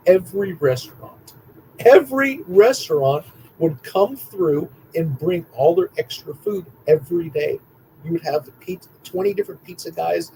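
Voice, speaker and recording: Young guy ranting and rambling, kinda high voice, cusses a lot, faint hiss behind. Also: low-quality recording. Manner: excitable, profane, repetitive storytelling. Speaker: vlogger. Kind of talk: rambling casual monologue.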